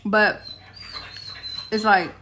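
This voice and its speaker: Young woman vlogging at home, bright voice, rambly and giggly, bit of background noise. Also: medium pitch, steady tone, extremely slow. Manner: chatty, laughs often, talks to her dogs mid-sentence. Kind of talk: casual rambling vlog chat. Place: home, indoors.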